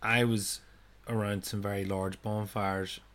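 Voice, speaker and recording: A man's voice: on the low side, flat delivery, measured pace, fairly bright tone. A man, co-hosting a casual podcast chat, playful and jokey, often slipping into mock newsreader voices. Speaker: podcast co-host.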